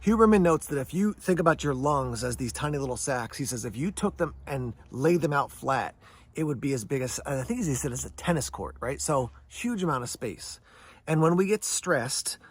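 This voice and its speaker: Speaking at a fairly quick clip in an expressive, medium-pitched voice, this survival channel host gives casual step-by-step instruction to camera. He also fields questions he pictures his audience raising.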